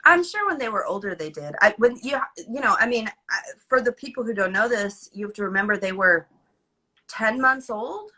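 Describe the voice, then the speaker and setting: A woman in her thirties, a guest on a casual video-call interview, telling animated stories and laughing easily. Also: a little high, normal speed. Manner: animated storyteller, laughs easily, acts out quotes. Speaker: guest, former child actor.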